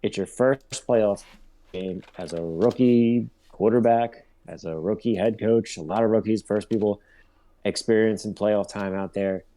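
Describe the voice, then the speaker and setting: A man's voice: lowish voice, steady tone, measured pace, warm tone. Profane rambling football podcast guy. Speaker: podcast co-host. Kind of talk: casual sports chat.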